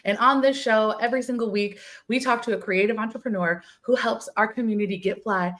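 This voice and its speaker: A woman's voice: a little high, fairly even intonation, fairly quick, fairly bright tone. A woman hosts a casual podcast with a slightly raised voice. She gushes with feeling and piles up repeated words for emphasis. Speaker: podcast host.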